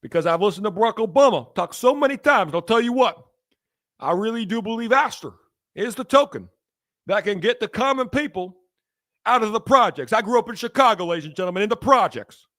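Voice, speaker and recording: Guy doing a higher, louder statesman voice, speechy, kinda orating. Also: lively intonation, fairly quick. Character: measured older male statesman impression.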